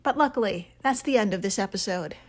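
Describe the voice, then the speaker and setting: A woman's voice: mid-range voice, animated, a little fast, darkish tone. A woman co-hosting a casual podcast, giggling often as she talks. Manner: giggly, laughs often while reading. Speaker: podcast co-host.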